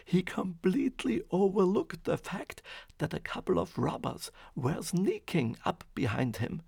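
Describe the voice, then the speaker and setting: A man narrating a fairy tale in a slow, expressive reading. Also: a little high, vocal fry, husky, no room sound, clean studio sound. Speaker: storyteller. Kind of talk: storybook narration.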